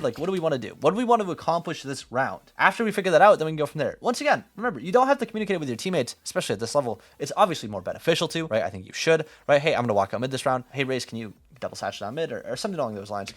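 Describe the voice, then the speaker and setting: A man's voice: a little high, a bit bright. A young man giving blunt, profane, teasing critique as he coaches a player over a live stream. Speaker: game coach.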